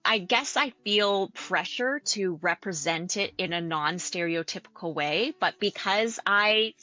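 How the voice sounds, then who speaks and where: A Canadian woman, an actor and coach, speaking in a casual interview in an animated, chatty way and often laughing. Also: medium pitch, measured pace, no room sound, lo-fi sound, faint music behind. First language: English.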